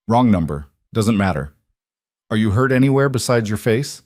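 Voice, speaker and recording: A cold, controlled mafia boss voiced by a male narrator, his words low, clipped and commanding. The voice sits on the deep side and is recorded close and dry, like a storybook audio drama. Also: expressive, normal speed, a little mellow, no echo. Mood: protective, firm.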